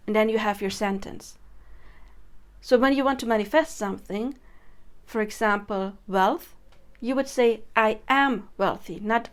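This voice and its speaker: A young woman with a somewhat high voice explains affirmation methods to camera. She talks in a loose, chatty way and laughs often between points. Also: normal speed. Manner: chatty, laughs often, demonstrates chants and loud incantations. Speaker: manifestation coach. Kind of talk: casual teaching to camera.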